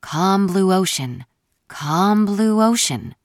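A woman's voice: medium pitch, expressive, slow, no echo, studio quality, voice pushed up. A woman reading an audiobook voices a furious eldest sister, a powerful witch who snarls and swears. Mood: forced calm. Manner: snarling, foul-mouthed.

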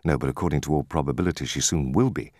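A man's voice: very deep voice, rapid-fire, darkish tone, no echo, studio quality. A man voicing an earnest, courteous young sailor full of happy eagerness. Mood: earnest courtesy.

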